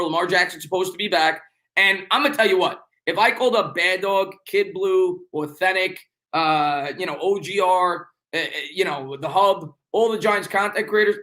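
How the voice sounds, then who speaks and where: A young man with a strong New York accent hosts a casual sports live stream and reads out viewer comments. His voice sits high and sounds bright. He rambles, repeats lines, and jokes with the chat. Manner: fast, rambling, repeats himself, joking banter.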